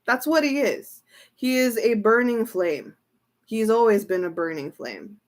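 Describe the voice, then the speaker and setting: This tarot reader's pitch runs fairly high and her pace is unhurried. She's streaming casually, getting excited over the cards, exclaiming and saying things more than once.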